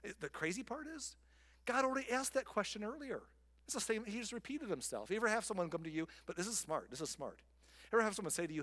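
Preaching man, loud then whispered. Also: high voice, sing-song, fast talker. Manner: swings from loud emphatic lines to soft whispers. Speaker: pastor. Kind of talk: sermon. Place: church sanctuary.

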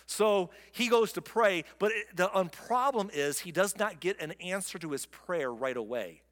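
A pastor preaching a sermon, reading scripture and adding conversational, joking asides. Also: male voice, high-pitched, animated, normal speed, a bit bright, big-room sound.

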